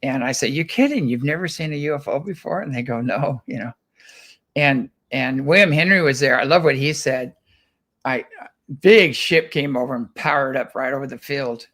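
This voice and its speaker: Man, guest, from the United States, casual storytelling, rambling, acts out quotes, middle pitch. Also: moderate pace, fairly bright tone. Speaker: guest, ranch founder. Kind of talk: casual chat, anecdotal storytelling.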